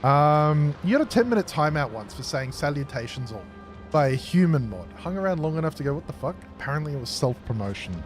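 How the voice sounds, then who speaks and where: A man's voice: fairly high pitch, very animated, a little fast, soft background music. A man streaming a factory-building game, chatting and joking casually with his viewers. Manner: jokey, chatty, responds to chat aloud. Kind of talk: casual live-stream chat.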